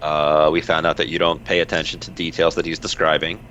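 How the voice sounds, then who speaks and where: A man's voice: very deep voice, flat delivery, brisk, fairly bright tone. A man playing in a tabletop role-play session, hesitant and full of fillers. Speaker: player. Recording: dull lo-fi mic with faint noise.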